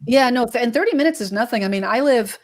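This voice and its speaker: A woman's voice: on the high side, expressive, fast talker. A woman from Massachusetts in her forties, hosting a casual real estate chat with emphatic repeated phrases. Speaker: real estate podcast host.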